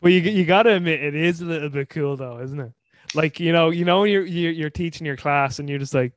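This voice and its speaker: A man in his thirties from Ireland with an Irish accent, hosting a podcast in animated casual chat. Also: a little high, brisk, no echo. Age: 30s. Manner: animated, laughing, acts out quotes. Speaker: podcast host.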